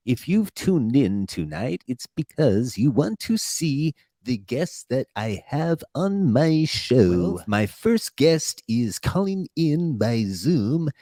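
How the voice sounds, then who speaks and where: A man's voice: mid-range voice, mellow, no echo, clean studio sound. A man hosting a comedy podcast in a playful, hammy manner. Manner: playful, hammy, repeats a catchphrase. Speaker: podcast host.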